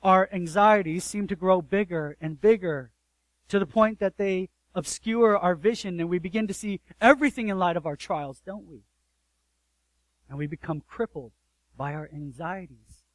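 A man with a high, light voice delivers an earnest sermon in a dry, close room. He swells to loud emphasis, then drops almost to a hush, and keeps turning to his listeners with rhetorical questions. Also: normal speed, no room sound, poor audio. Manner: addresses listeners directly, asks rhetorical questions. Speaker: pastor.

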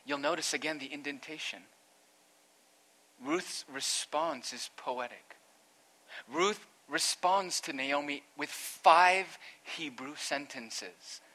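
A man's voice: on the high side, takes it slowly, bright, forceful tone. A man, a pastor, preaching an earnest expository sermon that rises to emphatic peaks.

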